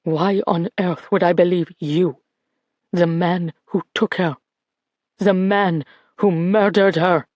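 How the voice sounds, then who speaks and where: A woman voicing an elderly woman who is fierce and accusing, with a sharp edge to her speech. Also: lowish voice, steady tone, takes it slowly, no room sound, lo-fi sound. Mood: furious.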